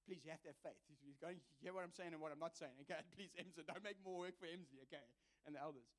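A man's voice: a little high, rapid-fire. A man preaching a sermon, earnest and confessional, telling a personal story with self-mocking humour. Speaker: visiting preacher.

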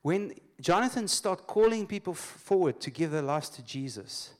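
Lively preacher, higher voice. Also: male voice, moderate pace. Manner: lively call-and-response, laughs often; storytelling, loose restarts. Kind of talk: sermon. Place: church congregation.

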